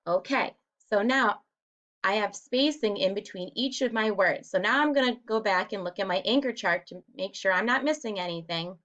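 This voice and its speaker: A woman teacher walking young children through a writing lesson in a slow, deliberate, encouraging way. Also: medium pitch, a bit bright. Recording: dull, lo-fi home recording.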